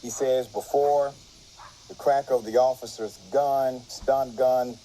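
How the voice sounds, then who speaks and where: A man reads a news article aloud and stops to explain the law along the way. He marks each quotation carefully by saying quote and end quote. His voice is dark and mellow, and it sits at an average pitch for a man. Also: fairly even intonation, slow, a little hiss or hum, low-quality recording. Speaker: legal commentary narrator.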